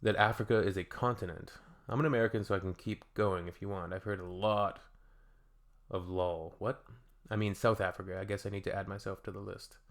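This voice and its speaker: A man's voice: lowish voice, steady tone, fairly quick. A Canadian man hosting a reaction video, reading comments aloud and adding dry, joking asides in a casual tone.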